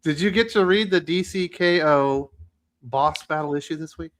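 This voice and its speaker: A man hosting a casual live comics panel, jokey and quick with asides, swearing freely. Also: a little high, fairly bright tone.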